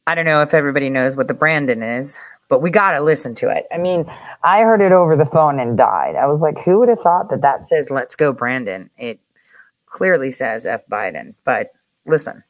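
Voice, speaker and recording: A woman vlogger giving casual, animated commentary, often laughing and incredulous. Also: a bass voice, brisk.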